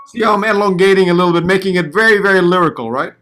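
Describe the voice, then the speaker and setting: A man's voice: sits high, fast, few pauses, fairly bright tone. A man giving a piano lesson, patiently counting beats aloud and singing the rhythms he wants. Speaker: piano teacher. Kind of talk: online music lesson.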